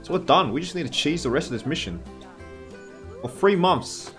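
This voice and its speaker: A man's voice: a little high, expressive, normal speed, fairly bright tone, soft background music. A man giving casual gameplay commentary, thinking aloud with wry asides. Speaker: gaming channel host.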